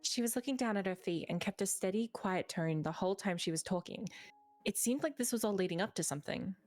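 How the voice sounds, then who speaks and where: A woman reading the first-person narration of a defeated teenage schoolboy from a game in her own plain, unhurried voice. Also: medium pitch, a little mellow, faint music behind, lightly acted. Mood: dejected.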